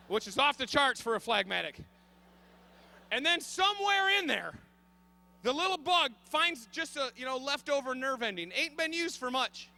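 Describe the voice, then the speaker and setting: A man in his thirties telling a comic story on stage, animated and frantic, bursting into shouts. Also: extremely high pitch, gravelly. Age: 30s. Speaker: comedian.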